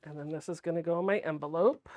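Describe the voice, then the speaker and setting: A woman hosting a sewing livestream, talking softly and chattily as she thinks aloud while she works. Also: low voice, fast talker, a little hiss or hum. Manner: soft-spoken, not projecting.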